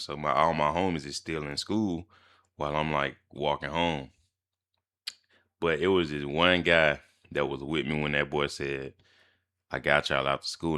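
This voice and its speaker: Young man, very deep but bright-edged voice, slangy storytime vlogger. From Mississippi, US. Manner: slangy, animated storytelling with laughs. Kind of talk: storytime vlog.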